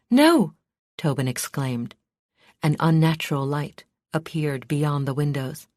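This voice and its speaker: A woman reading a fantasy audiobook in a measured, steady storytelling manner. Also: low-pitched, no room sound, clean studio sound. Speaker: audiobook narrator. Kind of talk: scripted narration.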